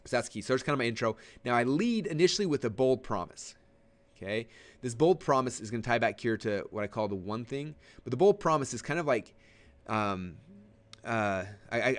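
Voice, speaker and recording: A male online marketing instructor teaches a recorded webinar lesson at a brisk pace. His medium-pitched voice comes out emphatic and animated, in quick conversational bursts full of fillers and restarts, as he sits forward and gestures energetically.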